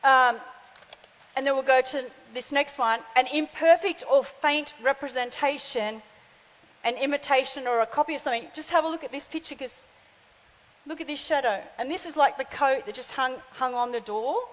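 A woman's voice: sits high, normal speed. A woman in her fifties preaching a sermon, telling stories and acting out the voices in them. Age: 50s. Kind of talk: sermon with storytelling. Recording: long hall reverb.

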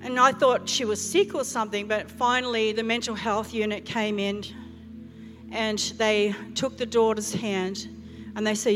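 A woman's voice: medium pitch, steady tone, moderate pace. A woman pastor, preaching a sermon in earnest storytelling fashion, often restarting her phrases. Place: large church hall. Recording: church hall reverb with music behind.

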